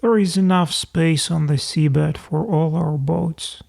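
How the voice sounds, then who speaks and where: A man's voice: on the high side, slow, creaky, darkish tone, full character voice. A man voicing a scornful, brawny sailor who mocks his crewmates, in an audiobook.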